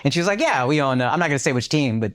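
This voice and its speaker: Animated storytelling man. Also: fairly high pitch, rapid-fire. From United States. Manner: animated storytelling, acts out quoted voices, swears freely. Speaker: podcast co-host. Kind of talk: casual chat.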